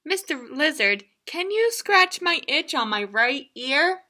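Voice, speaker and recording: Woman doing a high, pleading rhino. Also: takes it slowly, exaggerated voice. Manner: pleading, excited. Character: itchy male rhino, eager and fretful.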